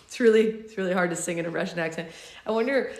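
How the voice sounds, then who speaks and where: Hoarse gravelly woman reading aloud and chatting on a live, kinda low voice, roomy echo. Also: fast, a little mellow. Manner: chatty, rambling, playful. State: hoarse, losing her voice. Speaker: book club livestream host. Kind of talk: reading aloud and casual chat.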